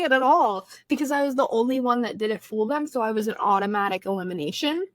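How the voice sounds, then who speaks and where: A woman's voice: on the high side, fast talker, no echo. A woman guest in a casual interview, chatty and storytelling, with lots of "like". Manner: chatty storytelling, heavy use of "like". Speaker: baking competition contestant, guest.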